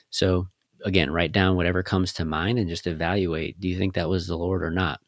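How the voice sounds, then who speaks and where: Low-voiced earnest man coaching listeners. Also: little pitch movement, brisk, no echo, clean studio sound. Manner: earnest, coaching, gives step-by-step instructions. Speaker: podcast co-host. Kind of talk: faith-based podcast teaching.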